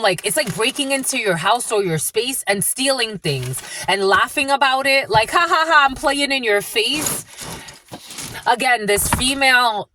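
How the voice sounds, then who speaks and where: A woman's voice: on the high side, sharp tone, slight background noise. A woman giving a rambling, blunt and profane channeled reading in a casual monologue. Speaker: spiritual channeler and tarot reader.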